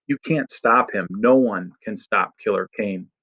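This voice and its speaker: Low-voiced man reading a story. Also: measured pace, breathy edge, highs cut off. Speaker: audiobook narrator. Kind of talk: first-person storybook reading.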